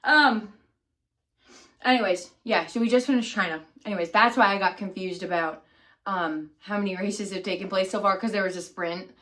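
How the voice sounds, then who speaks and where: A woman's voice: mid-range voice, moderate pace, bright, forceful tone. A woman vlogger chatting casually to camera, scattered and self-deprecating, losing her thread often. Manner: scattered and self-deprecating, many fillers and restarts. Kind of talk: rambling casual chat to camera.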